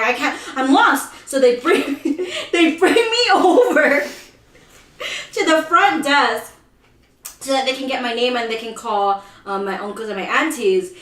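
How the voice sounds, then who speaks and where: A woman from the Philippines telling childhood stories in casual chat, animated and laughing, acting out the voices of people in her stories. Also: high-pitched. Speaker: co-host. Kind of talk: casual storytelling. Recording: roomy echo, mic at a distance.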